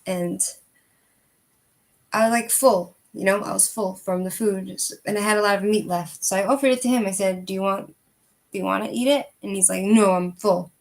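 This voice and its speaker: A woman's voice: mid-range voice, fairly quick, vocal fry. A woman in her thirties telling a personal story in casual chat, rambling with fillers and breaking into laughs. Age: 30s. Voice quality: rambling, animated, frequent fillers. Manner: laughs between sentences. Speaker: channel host.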